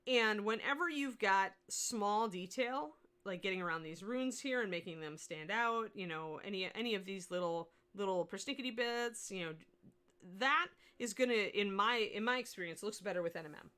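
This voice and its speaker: A woman's voice: medium pitch, moderate pace, sharp tone, clean tone. A woman giving a casual livestream lesson on painting miniatures, chatting and answering viewers' questions as she works.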